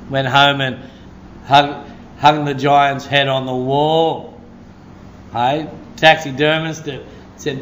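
A man preaching a sermon as a pastor, telling stories with a lively delivery and breaking into shouts of praise. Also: mid-range voice, slow, pauses often, slight background noise.

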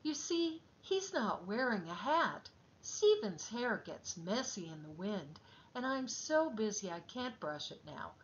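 A woman's voice: medium pitch, sing-song, unhurried, lo-fi sound, a little hiss or hum. A woman voicing a flustered, overloaded young mother in a storybook reading, airily brushing things off. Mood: airy.

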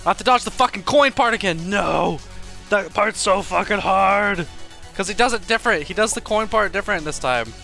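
A man's voice: sits high, lively intonation, brisk, pushed and bright. A man playing a hard game and commenting live, swearing a lot and screaming when he is in danger. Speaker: gaming video host. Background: game music.

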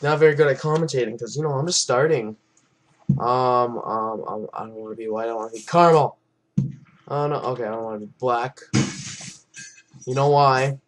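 Rambling young man mumbling through gameplay. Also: mid-range voice. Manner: rambling, trailing off into mumbles, frequent swearing. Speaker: gaming channel host. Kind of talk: casual gameplay commentary.

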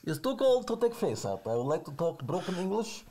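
A man's voice: high-pitched, very animated, a little fast, mellow. A man voicing a boastful man who talks in broken English with a put-on Polish accent. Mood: mocking.

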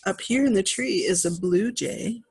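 A woman's voice: medium pitch, very noisy. An older woman, a grandmother, reading a picture book aloud to small children, pointing out animals in the pictures. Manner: gentle, slow, pointing at pictures.

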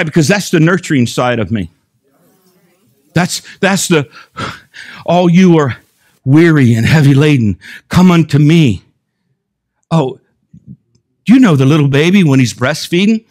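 An older male pastor preaches with a high-pitched voice that leaps around a lot. He tells his story in an animated way and now and then bursts into a shout. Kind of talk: sermon.

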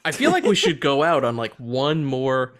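A man co-hosting a movie podcast in casual chat, profane and animated. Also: mid-range voice, moderate pace. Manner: animated, profane, breaks into silly character voices. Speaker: podcast co-host.

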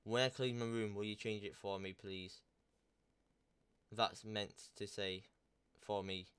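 A man's voice: on the low side, fairly even intonation, takes it slowly, fairly bright tone, smooth. A young man telling a story in a crude, rambling way, reading out text messages with plenty of swearing. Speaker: YouTuber. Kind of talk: casual storytelling, reading out texts.

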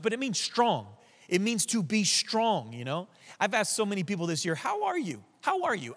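A man preaching a sermon as pastor, animated in his storytelling and dropping to soft, hushed lines. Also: fairly high pitch. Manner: animated storytelling, drops to soft near-whispers. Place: church. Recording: church hall with long reverb.

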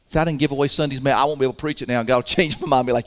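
A man's voice: medium pitch, very fast, hardly any pauses. A man preaching a sermon to his congregation in a folksy, emphatic way, chuckling often. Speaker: pastor. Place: church sanctuary.

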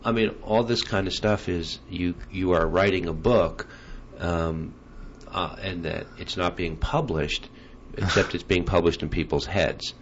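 A man hosting an interview show, speaking in a measured way with hesitant ums. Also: low-pitched, steady tone. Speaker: talk show host. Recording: dull lo-fi sound with faint hiss.

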